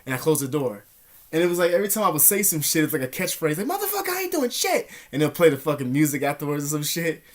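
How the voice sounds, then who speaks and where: A young man casually telling a story to his vlog audience, slangy and profane, animated, sometimes dropping to a whisper. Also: a little high, quick pace. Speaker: vlogger.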